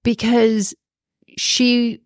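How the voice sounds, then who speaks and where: A woman co-hosting a podcast, chatty and animated in casual talk. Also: on the high side, drawn-out words, no echo, clean studio sound. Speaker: podcast co-host.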